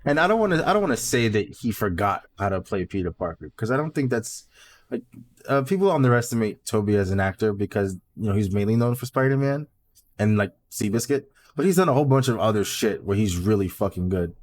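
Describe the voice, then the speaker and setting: A man guest co-hosting a podcast, relaxed and opinionated in casual chat, swearing now and then. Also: fairly low pitch, fast talker. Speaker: guest co-host.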